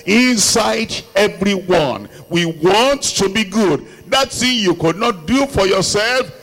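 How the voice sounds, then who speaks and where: High-voiced preacher. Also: male voice, lively intonation, a bit bright, big-room sound. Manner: acts out sinners' replies in a low voice; preaches in short lines, pausing for the interpreter. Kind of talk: sermon with interpreter.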